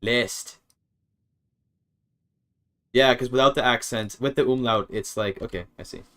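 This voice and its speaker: A man's voice: mid-range voice, brisk, fairly bright tone. A man streaming a game, thinking aloud in a hesitant, casual way with many restarts. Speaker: streamer learning a language.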